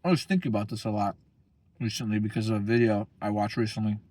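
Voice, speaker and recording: A man's voice: on the low side, fairly even intonation, fast, darkish tone, no echo. A young man talking casually as a vlogger, rambling and profane, full of slang. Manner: slangy, profane, rambling, keeps saying bro.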